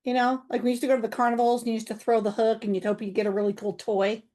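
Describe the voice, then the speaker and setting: A woman's voice: on the high side, level tone, rapid-fire, warm tone. A middle-aged woman comedian and humor coach, chatting as a podcast guest, playful and acting out voices in her stories. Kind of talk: animated podcast chat.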